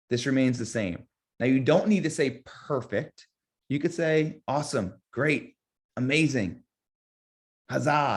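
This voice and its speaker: A man teaching real estate agents in a live webinar, energetic, repeating key phrases and acting out sample sales calls. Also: mid-range voice.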